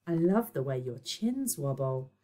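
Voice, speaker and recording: A woman voicing a flirtatious goddess who speaks in a breathy, purring voice. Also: a bass voice, big pitch swings, unhurried, dark tone, exaggerated voice. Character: flirtatious goddess posing as a mum.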